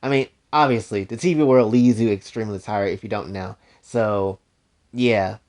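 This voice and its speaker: A man's voice: fairly low pitch, normal speed, a little mellow. A man casually narrating a fan story in a slangy, rambling, playful way.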